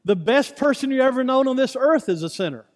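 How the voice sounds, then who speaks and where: A man's voice: very high voice, expressive, brisk. A man preaching a sermon as pastor, emphatic and repetitive, asking the congregation rhetorical questions. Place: church sanctuary. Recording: church hall with long reverb.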